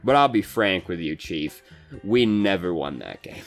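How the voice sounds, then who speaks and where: Deep-voiced male game coach, relaxed and foul-mouthed, mild background guitar. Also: a little slow. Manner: swears casually and vents frustration. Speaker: gaming coach reviewing a match. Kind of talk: casual gameplay commentary.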